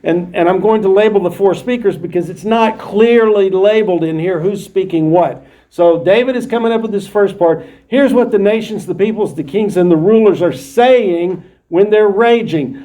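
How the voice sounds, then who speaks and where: Male Bible teacher with a high voice, explaining scripture to a class. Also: normal speed, a little mellow. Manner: explains verses plainly, restating them in his own words. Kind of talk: verse-by-verse Bible study lecture.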